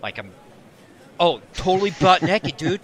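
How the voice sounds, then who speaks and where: A man co-hosting a podcast, telling a story in a casual, animated way and laughing often. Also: high voice, measured pace. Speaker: podcast co-host.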